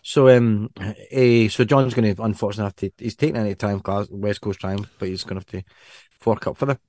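A man's voice: on the low side, fairly quick, darkish tone, dry recording. Rambling Scottish man chatting. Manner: rambling with many restarts and fillers. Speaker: podcast co-host. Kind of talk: casual chat.

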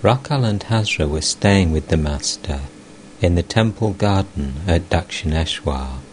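A man narrating a spiritual text as an audiobook, in a calm and unhurried reading. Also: deep voice, a little hiss or hum, rough recording. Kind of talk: scripted narration.

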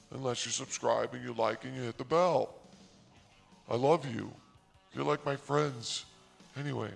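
A man hosting his own channel, telling a comic story in a rambling, self-mocking, deliberately naive way. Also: medium pitch, gravelly. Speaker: comedic storyteller and channel host.

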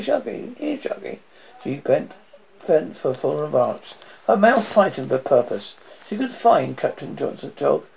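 A man's voice: a little high, creaky. A man dramatically reading a horror novel aloud, in a dull lo-fi recording. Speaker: narrator. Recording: dull lo-fi audio.

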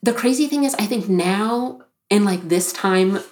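A woman in her thirties, a podcast guest telling her own story in casual talk, animated, with frequent "like" fillers and acted-out quotes. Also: medium pitch, a little slow, a little hiss or hum. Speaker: podcast guest, business founder.

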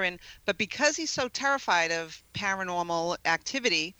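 A middle-aged woman, telling a ghost story as a radio interview guest, animated and laughing often. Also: on the low side, a little fast, hardly any pauses, clean tone, no echo, poor audio. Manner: animated, laughs often, acts out quoted voices. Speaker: guest paranormal investigator.

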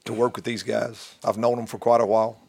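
A man with a Southern US accent, hoarse and strained, speaking as a guest in a casual interview. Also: medium pitch, level tone, a little fast, darkish tone.

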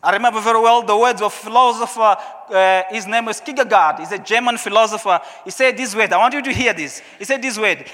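A man with a Portuguese accent preaches in English, telling his story with lively, acted-out moments. His voice sits very high and sounds bright and forceful. A long reverb trails behind every phrase. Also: fairly quick, hardly any pauses. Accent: Portuguese-speaking African. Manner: storytelling, animated, acts out his own past questions. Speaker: pastor. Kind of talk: sermon.

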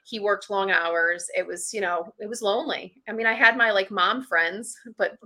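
Appearing as a podcast guest, a woman tells a candid personal story in a chatty manner, saying "like" a lot and acting out what she used to think. Her medium-pitched voice is bright and forceful, at a moderate pace.

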